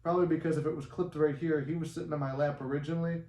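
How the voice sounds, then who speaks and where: A man's voice: fairly high pitch, fairly even intonation, rapid-fire, mellow. A man vlogging in his apartment, rambling loosely and swearing as he encourages his viewers. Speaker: manifestation vlogger. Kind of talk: casual motivational talk to camera. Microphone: no good microphone, voice muffled. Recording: echoey room with faint noise and muffled sound.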